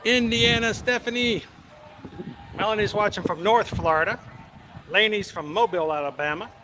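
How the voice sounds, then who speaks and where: A fairly high-voiced man hosts a casual livestream outdoors, reading viewers' names and hometowns in a chatty, welcoming way. Steady park noise sits clearly behind his voice. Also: normal speed, pauses often. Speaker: livestream host. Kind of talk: casual live stream chat.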